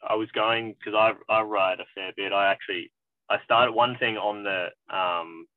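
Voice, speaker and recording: A low-voiced man hosts a podcast chat, thinking aloud in a reflective, rambling way. His voice comes through dry and tinny, like a phone line. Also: fairly even intonation, normal speed, dry recording. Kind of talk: casual conversation.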